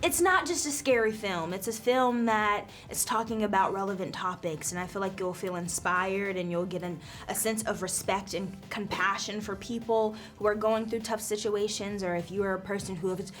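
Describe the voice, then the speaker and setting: A woman's voice: mid-range voice, moderate pace, hardly any pauses, a bit bright, faint music behind. A woman actress in a junket interview, earnest and friendly with a giggle now and then.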